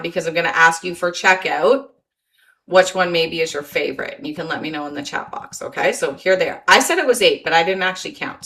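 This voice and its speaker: A woman's voice: lowish voice, fairly bright tone. A woman presenting a motivational webinar, encouraging and repeating key phrases, reading chat comments aloud over a video call.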